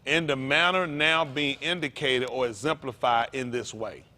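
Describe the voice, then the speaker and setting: A man preaching an interactive sermon, calling out to his congregation in with a lively, animated manner. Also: medium pitch, normal speed. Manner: animated, calls out to the congregation, folksy vernacular. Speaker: pastor.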